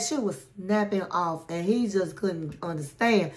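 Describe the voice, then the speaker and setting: A woman hosting a casual reality TV recap, telling it in a sassy, animated way and calling the listener honey. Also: medium pitch, normal speed, few pauses.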